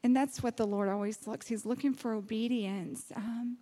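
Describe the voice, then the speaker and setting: Lady ministry leader telling her story, warm laughs all through, big echoey hall. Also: on the high side, steady tone, moderate pace. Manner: laughing often, emotional storytelling. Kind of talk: testimony to a church gathering. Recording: long reverb of a hall.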